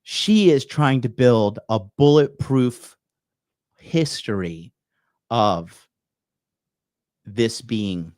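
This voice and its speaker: A man hosting a reaction commentary show, talking in a slangy, animated way with lots of swearing and laughing. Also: medium pitch, very slow, long pauses, no echo, studio quality. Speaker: dating commentary host.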